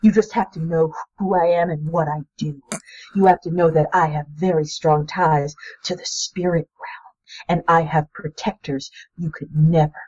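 A woman's voice: low-pitched, fairly even intonation, moderate pace, darkish tone, dry recording, muffled recording. A woman playing a haughty young spirit medium. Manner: haughty, ominous.

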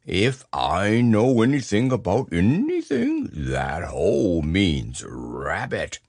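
A man doing a slow low teddy bear. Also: wildly swooping pitch, darkish tone, no echo, clean studio sound, full character voice. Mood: musing. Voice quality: low, slow, different timbre.

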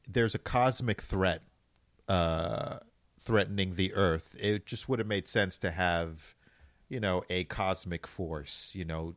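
A man's voice: sits low, no room sound, studio quality. A man in casual movie review chat, rambling with hesitations and self-corrections.

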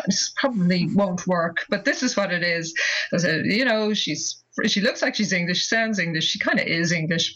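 Thoughtful Irish woman, low voice, lo-fi audio. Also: a bit bright. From Ireland. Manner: thoughtful, rambling, with many restarts and fillers. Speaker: author guest. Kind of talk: casual interview conversation. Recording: dull lo-fi audio.

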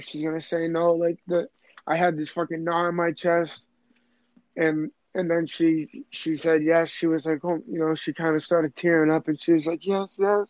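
A man's voice: fairly high pitch, darkish tone, dry recording. A young man casually telling a personal story, rambling and emotional, full of fillers and restarts. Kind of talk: casual conversation. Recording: dull lo-fi sound.

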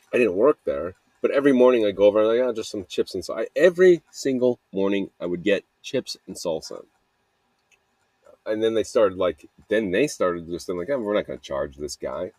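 A young man rambles through his stories in a low, husky voice, laughing often and swearing casually. He talks casually into a close, dry mic outdoors at night. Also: warm tone, no echo. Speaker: podcast host. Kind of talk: rambling casual storytelling monologue.

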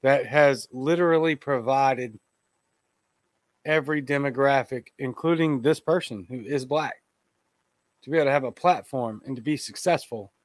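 A man's voice: medium pitch, moderate pace, no echo. A man hosting a live podcast, giving blunt, indignant commentary on a TV clip and talking straight to his listeners. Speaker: podcast host.

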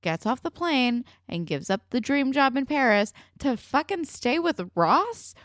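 A woman's voice: high voice, very animated, unhurried, fairly bright tone, no room sound, clean studio sound. A young woman co-hosting a casual podcast, blunt and exasperated, swearing freely as she vents. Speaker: podcast co-host. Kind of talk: casual chat.

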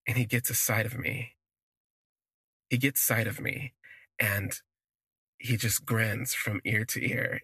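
A man telling a personal story in an expressive, self-deprecating way, drifting into asides. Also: mid-range voice, breathy edge, dry recording, clean studio sound. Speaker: podcast storyteller.

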